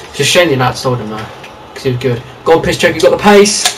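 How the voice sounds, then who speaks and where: A man's voice: a little high, expressive, normal speed, far from the mic, noisy background. A young man playing a football video game, calling out player names and swearing as the action unfolds. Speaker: gamer. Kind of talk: excited football game commentary.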